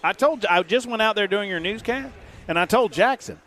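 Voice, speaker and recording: A man hosting live talk radio, emphatic and argumentative but quick to laugh, broadcasting from a remote venue. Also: sits high, lively intonation, a bit bright.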